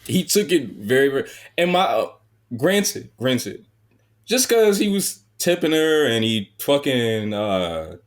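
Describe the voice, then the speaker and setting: A man in a casual podcast chat with a mid-range voice that moves around a lot. He swears freely and laughs often. He sometimes trails off into a low mutter. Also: big pitch swings, takes it slowly. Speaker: podcast guest.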